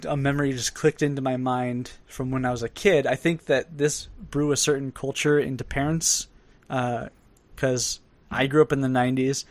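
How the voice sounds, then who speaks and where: A young man co-hosting a podcast, talking in a loose, rambling way that breaks into laughter now and then. His voice sits at a middle pitch, close and dry on the mic with no room sound. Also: little pitch movement, normal speed, few pauses, no room sound. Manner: chatty, rambling, laughs often. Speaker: podcast co-host. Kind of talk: casual podcast chat.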